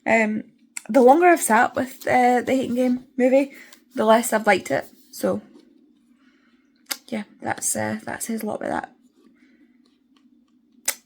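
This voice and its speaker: A woman's voice: fairly high pitch, a little slow, vocal fry, long pauses, darkish tone. A young woman vlogging casually about her reading, rambling and chatty, tired and sniffly. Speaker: book vlogger.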